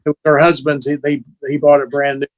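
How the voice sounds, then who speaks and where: Older man in his 60s, guest on an interview, lively storyteller who slips into quoted voices, on the higher side of male pitch. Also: fast talker. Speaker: guest musician.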